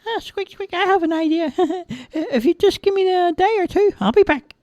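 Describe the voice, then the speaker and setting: A squeaky, chatty little mouse. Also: male voice, normal speed, darkish tone, no echo. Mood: eager. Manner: squeaky, hesitant with many uhs. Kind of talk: storybook reading.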